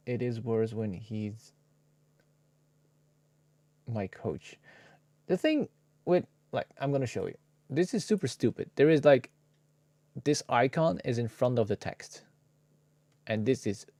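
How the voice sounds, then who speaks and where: A man's voice: medium pitch, expressive, slow, pauses often, dark tone, no echo. A man casually chatting with his live viewers while he edits a video, muttering to himself and now and then dropping into a whisper. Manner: laid-back, swears casually. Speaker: streamer editing a video live. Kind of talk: casual live-stream chat.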